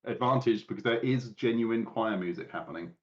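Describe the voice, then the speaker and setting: Low-voiced game master, muffled stream. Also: male voice, brisk. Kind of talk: narrating a tabletop game.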